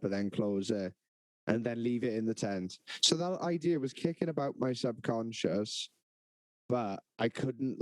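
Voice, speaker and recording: A man's voice: mid-range voice, no echo, poor audio. A man co-hosting a podcast, telling a festival story in casual, sweary, laughing banter. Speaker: podcast co-host.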